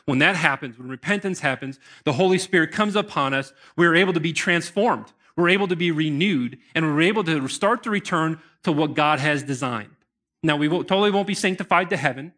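A man's voice: a little high, a little fast. A man preaching a sermon to his congregation in an earnest manner. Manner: earnest preaching, bursts into excited shouts. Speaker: pastor.

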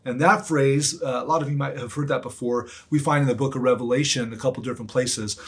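A man's voice: mid-range voice, fairly even intonation, fast, slightly rough. A man preaching a sermon as pastor, in an earnest, emphatic manner that leans on repetition.

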